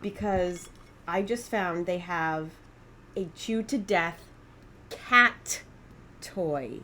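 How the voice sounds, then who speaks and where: A woman's voice: fairly low pitch, very slow, pushed and bright, slight background noise. A woman co-hosting a podcast, chatting with playful enthusiasm and laughing easily. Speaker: podcast co-host. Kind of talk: casual chat.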